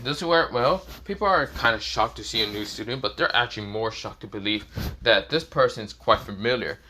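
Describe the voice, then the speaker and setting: Young man, improvised fan story narration, rambling, bright voice. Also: medium pitch, brisk, a little hiss or hum. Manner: rambling, full of fillers and restarts.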